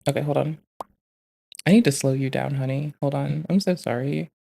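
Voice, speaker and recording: A man's voice: on the high side, normal speed, vocal fry, mellow, slight background noise. Rambling, swearing male streamer. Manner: rambling, swears a lot, jokey. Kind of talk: casual stream chat, reading messages. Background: faint backing track music.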